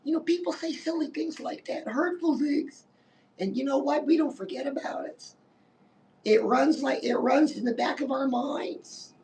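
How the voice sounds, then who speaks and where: A woman's voice: high voice, moderate pace, darkish tone, recorded from a distance, a little hiss or hum, low-quality recording. A woman giving a chatty live-stream pep talk as a life coach, keeps calling the listener "girl" and saying "listen".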